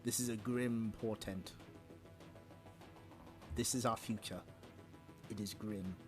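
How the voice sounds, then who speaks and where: A man hosting a stream, reading a comic aloud in an animated way and laughing often between lines. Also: on the low side, slow, over music. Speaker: stream host.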